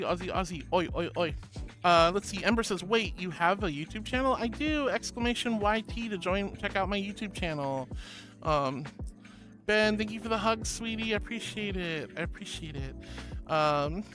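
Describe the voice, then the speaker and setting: A woman's voice: mid-range voice, lively intonation, moderate pace. A woman streamer chatting casually and reading viewer comments aloud, bubbly, giggly and affectionate. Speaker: streamer host. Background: background music.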